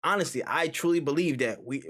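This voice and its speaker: A man's voice: fairly high pitch, animated, fairly quick, a bit bright. A man co-hosting a casual podcast, speaking earnestly and enthusiastically, with emphatic repeats. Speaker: podcast co-host. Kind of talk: casual chat.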